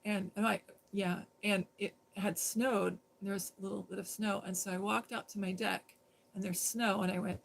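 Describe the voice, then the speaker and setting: A woman's voice: medium pitch, level tone, normal speed, creaky, a little hiss or hum, low-quality recording. A woman casually telling a personal story on a live stream, rambling and conversational with lots of fillers and restarts.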